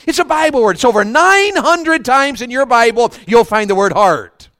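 A man's voice: very high-pitched, lively intonation, normal speed, sharp tone, no echo. A man with a Southern US accent preaching a fervent revival sermon, often putting questions to the congregation. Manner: fervent, asks the crowd questions.

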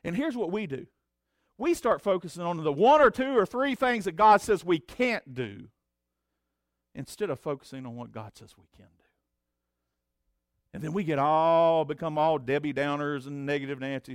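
A man preaching a sermon as pastor, swinging between loud emphatic declarations and low conversational asides. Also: expressive, normal speed, no room sound, studio quality.

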